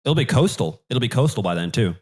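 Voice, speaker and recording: Podcast co-host, man, average pitch, easygoing banter with quick interjections. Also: very animated. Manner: quick interjections, laughs along. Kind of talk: casual podcast chat.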